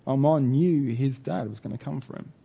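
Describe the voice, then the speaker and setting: A man's voice: mid-range voice, moderate pace, gravelly, dark tone, breathy edge. A man preaching a sermon, telling a story earnestly with many fillers and restarts.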